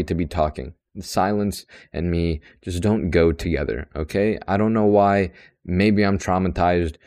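A young man talks alone into his podcast mic in a very low voice. He rants in a blunt, sarcastic way and fills any gap with more talk, like an extrovert who hates silence. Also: darkish tone. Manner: talkative and extroverted. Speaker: podcast host. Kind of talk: solo podcast monologue.

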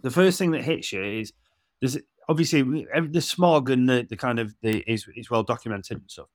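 A man's voice: medium pitch, fairly quick, no room sound, studio quality. A man in his forties from England, chatting casually on a podcast and acting out the dialogue of his stories. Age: 40s. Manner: chatty storyteller, laughs and acts out dialogue. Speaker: podcast co-host.

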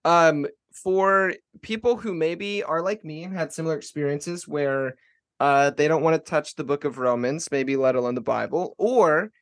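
A man hosting a podcast interview in casual conversation, rambling and halting with many fillers and restarts. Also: fairly high pitch. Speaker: podcast host.

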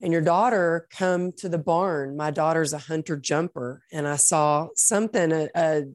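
A woman's voice: low voice, normal speed, dry recording, studio quality. A woman hosting an interview podcast, telling stories effusively and with a faith-tinged turn of phrase. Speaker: podcast host. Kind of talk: conversational interview.

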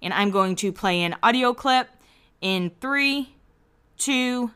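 A woman's voice: a little high, takes it slowly, fairly bright tone, smooth. A young woman recapping a reality show in a chatty way, laughing often and acting out quotes. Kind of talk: casual chat recap.

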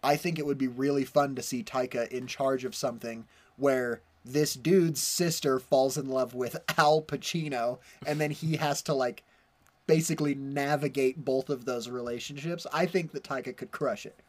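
A man's voice: mid-range voice, steady tone, moderate pace. A man in a mid-range voice co-hosts a casual podcast chat. He talks loosely, full of "like" and jokes. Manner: loose, filler-heavy, jokey. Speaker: podcast co-host.

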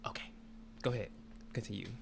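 A woman chiming in during casual chat, quick to recall events. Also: a little mellow, whispered.

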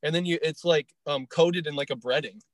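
A man's voice: fairly high pitch, fairly quick, no room sound. A young man from northern Michigan with a local accent, hosting a casual podcast chat, rambling with lots of fillers and easy laughs. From Michigan, USA. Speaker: podcast host.

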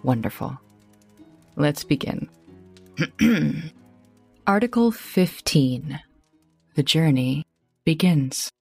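A woman's voice: low voice, expressive, drawn-out words, creaky, pauses often, husky, no room sound, soft background music. A woman running a tabletop game as game master, chatty and descriptive.

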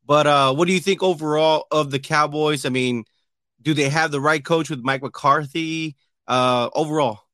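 A man's voice: on the high side, steady tone, normal speed, a bit bright, no echo, studio quality. A man interviewing a former football player, asking long questions with many restarts. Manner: hesitant, many restarts and fillers. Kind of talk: casual sports interview.

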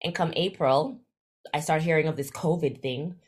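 A young woman from Jamaica, telling her story as an interview guest in a casual, animated way and acting out the dialogue she quotes. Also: moderate pace, slightly rough. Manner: animated, acts out quoted dialogue with big jumps in pitch. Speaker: guest, travel influencer.

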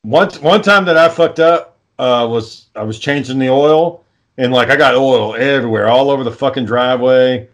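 A man chatting on a podcast, telling rambling stories full of swearing. His voice sits in an ordinary middle pitch, and he talks loosely and casually. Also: moderate pace. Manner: profane, rambling storyteller. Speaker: podcast co-host. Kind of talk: casual chat.

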